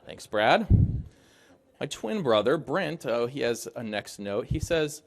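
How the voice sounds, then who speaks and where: A man's voice: mid-range voice, sing-song, slow, vocal fry, pauses often. A man from Arizona gives a conference presentation in an upbeat, joking, emphatic way. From Arizona, United States. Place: conference hall stage.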